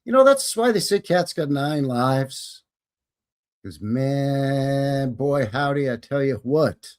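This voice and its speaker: A man's voice: medium pitch, expressive, slow. A Canadian man hosting a live stream in a folksy, jokey, casual way. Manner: folksy, jokey, greets viewers by name. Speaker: host.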